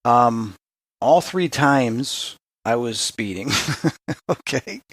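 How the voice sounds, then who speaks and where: A male host with a mid-range voice recorded dry and close. He talks casually and tells stories in an animated way, laughing easily. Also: medium pitch, very slow, no echo. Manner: lively, laughing anecdote teller. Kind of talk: casual interview talk.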